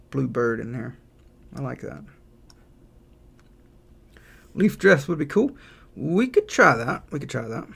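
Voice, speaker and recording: Guy livestreaming, gravelly husky voice, laid back, keyboard clacking behind. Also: medium pitch. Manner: relaxed, thinking aloud, reads out chat messages. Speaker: game developer streaming live. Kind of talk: casual livestream chat while drawing.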